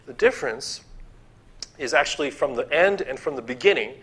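A man's voice: mid-range voice, expressive, moderate pace, a bit bright, breathy edge. A man preaching a sermon in a church, posing rhetorical questions, repeating key phrases and restarting words.

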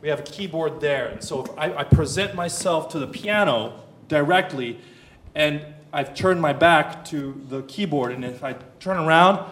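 A middle-aged man preaching a sermon, swinging from hushed tones to loud bursts. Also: on the high side, moderate pace, a little hiss or hum. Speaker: pastor.

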